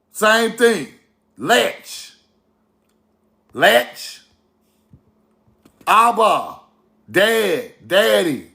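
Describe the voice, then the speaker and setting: With a high, sharp voice and vocal fry, a man gives casual video commentary on history to his viewers. He repeats himself emphatically and keeps checking in with rhetorical "right?" questions.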